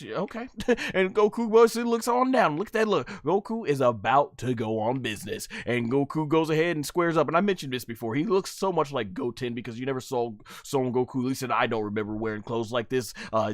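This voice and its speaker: A man giving an animated, exasperated live review of an anime episode, repeating himself for emphasis. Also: on the high side, no room sound, studio quality.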